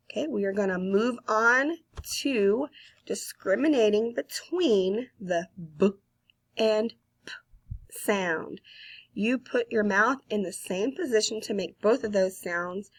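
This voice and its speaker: A woman with a Southern US accent leads a recorded phonics lesson for young children. She speaks very slowly and patiently, sounding out each letter for the children to repeat. Her pitch sits in a middle range. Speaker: kindergarten teacher.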